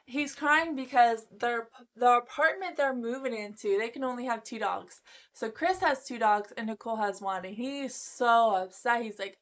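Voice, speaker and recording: A talkative woman, a recap vlogger, goes over a reality show in a casual, gossipy way at a normal speed. Her voice sits a little high, and she acts out quotes with playful impressions of the people she discusses. She's chatty throughout.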